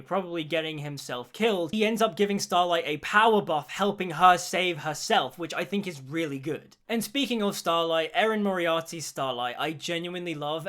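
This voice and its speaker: A man's voice: fairly high pitch, a bit bright. Gushing young man reviewing a show. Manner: gushing, repeats "genuinely". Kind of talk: enthusiastic spoken review.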